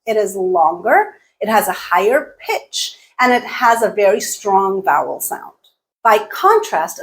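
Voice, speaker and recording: A woman teaching an English pronunciation lesson, patiently repeating each example word slowly and checking in with frequent okays. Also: medium pitch.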